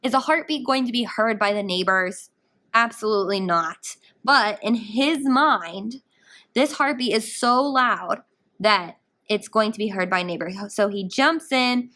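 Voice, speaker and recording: A woman English teacher giving a recorded guided reading lesson, explaining a story in an animated, explanatory way. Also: medium pitch, measured pace.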